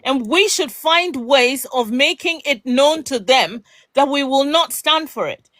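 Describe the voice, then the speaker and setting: A woman argues with emphatic, rhetorical force in a live discussion. Her voice sits high and bright, with wide swings of pitch. The sound is close and dry, with no room around it. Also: lively intonation, measured pace, no echo. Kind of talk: impassioned debate.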